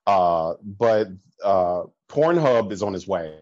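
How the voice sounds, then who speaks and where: A man talking as a podcast guest, telling stories in an animated way and acting out what people said. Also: deep voice, slow pace, no room sound, dull audio. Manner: animated storytelling with laughs and quoted voices. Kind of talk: casual conversation.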